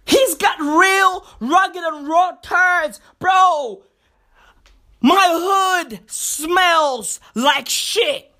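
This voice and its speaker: A woman hosting a podcast in a profane comedic rant. She repeats her phrases and breaks into exasperated shouts. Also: very high-pitched, extremely slow. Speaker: podcast host.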